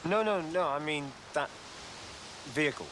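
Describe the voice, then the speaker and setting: A bewildered husband who has just moved in. He stammers and sounds taken aback, in a slightly high voice. The sound is a noisy TV broadcast. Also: expressive, a little slow. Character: bewildered newly arrived husband.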